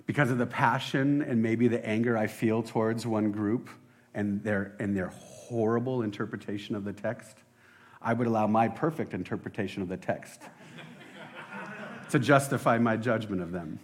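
A man preaching a casual sermon as a pastor, excitable and rambling, often laughing at himself. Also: lowish voice, moderate pace. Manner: excitable, rambling, self-deprecating.

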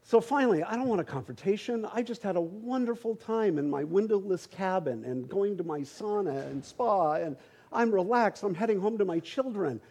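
A middle-aged pastor preaches a sermon by telling a funny, conversational personal story, often repeating words as he begins sentences. His voice is high-pitched, mellow and expressive, at normal speed.

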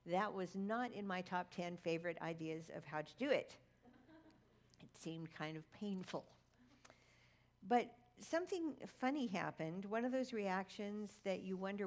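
A woman preaching a sermon, telling a personal story with dry, humorous asides. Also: on the low side. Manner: recites Latin prayer.

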